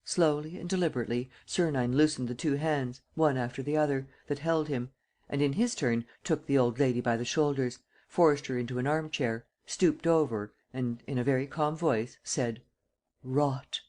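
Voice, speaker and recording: A man reading narration for an audiobook in a measured, literary way. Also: medium pitch, a little mellow. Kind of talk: scripted narration.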